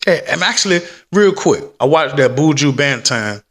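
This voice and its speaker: A man's voice: a little high, animated, normal speed, noisy background. A man chatting loosely from a desk at home in a rambling, slangy vlog. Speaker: stock-market vlogger. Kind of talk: casual rambling vlog chat.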